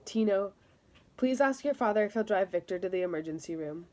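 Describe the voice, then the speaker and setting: A woman's voice: mid-range voice, animated, a little fast, warm tone, lightly acted. A woman voicing a middle-aged soccer coach who speaks firmly and matter-of-factly in an audiobook reading. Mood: concerned. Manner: firm, matter-of-fact.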